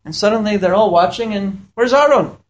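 Man, high voice, yeshiva teacher, Torah lesson, reads and translates Hebrew verses, asks and answers questions. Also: brisk, dull audio, slight background noise.

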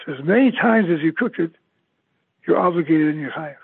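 A man's voice: fairly high pitch, animated, fairly quick, gravelly, husky, dry recording. Older man giving an emotional eulogy. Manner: emotional, repetitive, emphatic. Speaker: eulogy speaker. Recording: tinny phone-like, dry sound.

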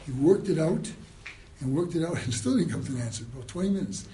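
A man giving a mussar sermon, moving from hushed storytelling to loud rhetorical questions, with Hebrew and Yiddish terms mixed in. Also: a little high, animated, quick pace, slight background noise, low-quality recording. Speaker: rabbi giving a mussar talk.

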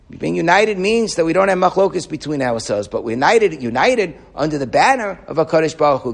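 Rabbi, high gravelly voice, teaching a torah class. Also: male voice. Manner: animated teaching with Hebrew quotes, repeats words when thinking.

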